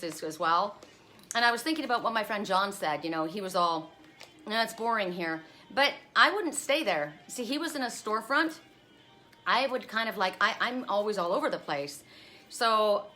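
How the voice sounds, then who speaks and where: A woman's voice: mid-range voice, sharp tone. A middle-aged woman chatting to viewers on a live stream from outdoors, rambling and friendly as she reads oracle cards. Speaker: oracle card reader hosting a live stream. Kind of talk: casual live-stream chat. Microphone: phone camera.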